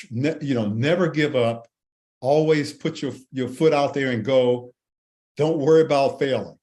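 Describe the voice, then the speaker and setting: A man in his sixties from Washington D.C. tells a childhood story in a podcast interview, animated and full of restarts. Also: mid-range voice. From Washington D.C. and Maryland, USA. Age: 60s. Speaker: guest, Air Force veteran.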